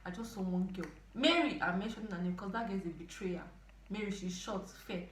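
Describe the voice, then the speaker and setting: Nigerian woman in her twenties, lively storytime vlogger, roomy echo, faint hum behind. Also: mid-range voice, a little fast. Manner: animated, dramatic outbursts and asides. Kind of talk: casual storytelling to camera. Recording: echoey room.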